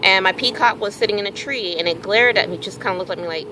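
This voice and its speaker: A woman telling a personal story in a casual, animated way, acting out bits of dialogue and swearing freely. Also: mid-range voice, fast talker, background noise. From Houston area, Texas. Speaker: vlogger.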